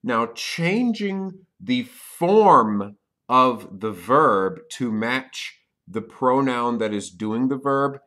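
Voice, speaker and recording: A man teaching a recorded Spanish lesson in a patient way, often checking in with "okay?" and stressing key words loudly. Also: animated, very slow. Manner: stresses key words with sudden loud, high emphasis.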